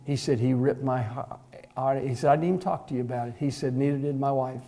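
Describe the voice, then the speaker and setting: Middle-aged male preacher, folksy storyteller, mellow tone. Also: mid-range voice, steady tone, a little fast, gravelly. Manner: folksy, conversational storytelling with fillers and repeated "he said". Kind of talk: sermon with storytelling.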